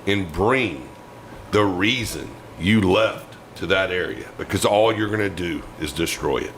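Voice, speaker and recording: A man's voice: low voice, measured pace, a bit bright, slight background noise, rough recording. A man co-hosting a political talk show, delivering angry, emphatic rants.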